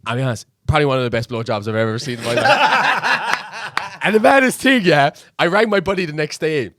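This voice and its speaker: A man's voice: on the high side, big pitch swings, fairly quick, a bit bright, no echo, studio quality. A young man telling a crude anecdote as a podcast guest, swearing freely in casual chat.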